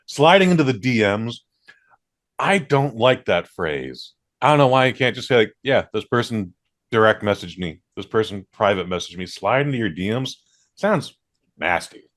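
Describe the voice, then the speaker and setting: A man's voice: on the low side, animated, normal speed, fairly bright tone. A man hosting a podcast, chatting casually and ranting with plenty of swearing. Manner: ranting, profane. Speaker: podcast host. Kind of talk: casual chat.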